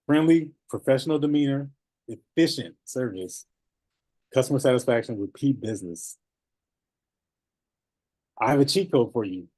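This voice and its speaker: A man coaching notaries in a casual, animated talk, laughing often and repeating phrases. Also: mid-range voice, normal speed, long pauses, dry recording.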